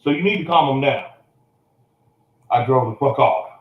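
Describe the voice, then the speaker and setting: A man's voice: mid-range voice, normal speed, roomy sound, dull audio. A man telling an emotional personal story, blunt and profane, coughing now and then.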